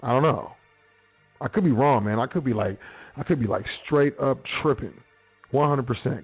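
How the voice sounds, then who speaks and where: A man's voice: medium pitch, moderate pace, breathy edge. Blunt man on a tinny radio line. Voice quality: profane, street slang, preachy. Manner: blunt, repetitive, lecturing. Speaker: radio talk show host. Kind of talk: casual solo radio talk. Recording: phone-quality radio line with faint music.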